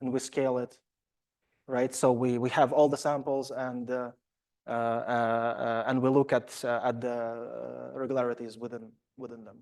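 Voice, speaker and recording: A man's voice: mid-range voice, level tone, normal speed, creaky, a little mellow. A man giving an academic lecture, talking hesitantly with many fillers and restarts, and slipping in wry asides about himself. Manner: wry self-deprecating asides.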